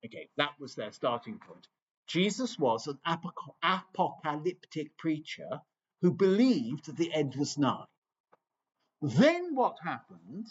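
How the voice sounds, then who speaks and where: A man's voice: fairly high pitch, very animated, normal speed, dull audio, slight background noise. A man from England giving an informal lecture on scripture, chatty and digressive with wry asides.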